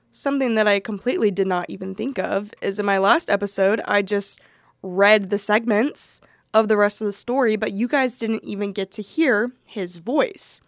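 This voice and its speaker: A woman's voice: mid-range voice, no echo, clean studio sound. A woman hosting a podcast, talking casually and introducing the segment with frequent ums. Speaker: podcast host.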